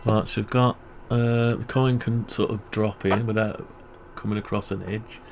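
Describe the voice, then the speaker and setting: Gravelly low-voiced man muttering at work. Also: fairly even intonation, moderate pace, noisy background. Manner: muttering to himself while working. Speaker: channel host designing in CAD. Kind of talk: thinking-aloud narration. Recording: home recording with keyboard clicks.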